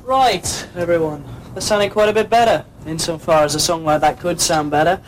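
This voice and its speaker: Man doing a snooty posh english band leader, kinda high voice, cool and clipped. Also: moderate pace, a little hiss or hum, lightly acted, rough recording. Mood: haughty. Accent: upper-class English. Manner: haughty, clipped, needling.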